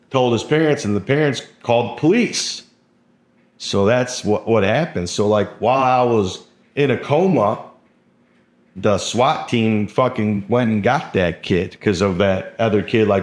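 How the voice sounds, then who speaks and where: A young man with a fairly low voice tells his story casually, rambling along with constant fillers and a lot of swearing. The recording has a roomy, echoing sound around him. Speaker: guest telling his story. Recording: roomy echo.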